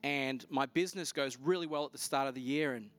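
A pastor preaches a sermon, telling a personal story in a lively storyteller's manner with a medium-pitched, fairly quick voice. His pitch jumps sharply at the exciting moments.

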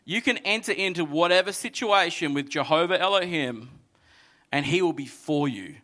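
A male pastor delivers a sermon in a high, bright voice, and his delivery is animated and lively as he acts out the characters in the story. He addresses a seated congregation, shifting between energetic retelling and quieter, earnest exhortation. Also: normal speed. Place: church hall with congregation.

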